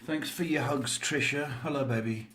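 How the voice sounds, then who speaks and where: A man doing a live-streamed psychic card reading, answering viewers slowly, with many ums and pet names like baby and sweetheart. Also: mid-range voice, sharp tone, slight background noise.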